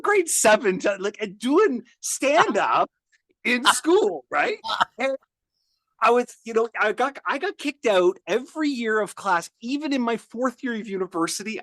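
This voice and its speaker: A man being interviewed as a guest speaker, telling lively stories with many restarts. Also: high voice, no echo, studio quality. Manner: energetic storyteller, many restarts. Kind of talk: podcast interview.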